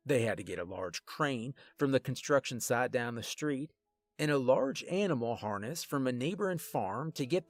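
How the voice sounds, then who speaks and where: A man telling a first-person story in a deadpan way, with wry asides to the listener. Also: medium pitch.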